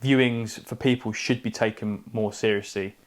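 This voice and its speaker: In a moderate-paced, low-leaning voice with fairly even intonation, a man who works as an estate agent tells a chatty story on the podcast he co-hosts from a living room. He's an anecdotal storyteller whose clipped sentences tend to drop subjects.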